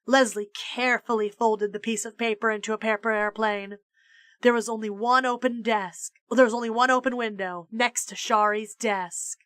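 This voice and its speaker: A woman streamer reads a children's storybook aloud in a measured, expressive way. Her voice is high and bright, and she takes her time. The sound is close and dry, on a streaming mic. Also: dry recording.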